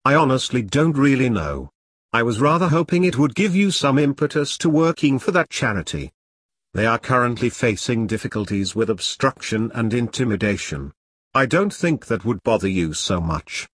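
A man voicing a calm, affluent middle-aged male handler who speaks gently and in a measured way, in an audiobook. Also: mid-range voice, breathy edge, no echo, studio quality. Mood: gentle.

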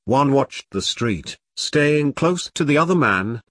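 Brief: husky male narrator, expressive lively pitch, dry close sound. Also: takes it slowly, dry recording. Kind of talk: audiobook narration.

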